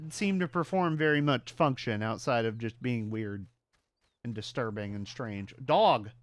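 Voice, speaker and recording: A man with a mixed Southern US and New York accent, giving casual, swearing, laughter-filled commentary while playing a game. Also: medium pitch. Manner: animated, profane, laughs often. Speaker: streamer.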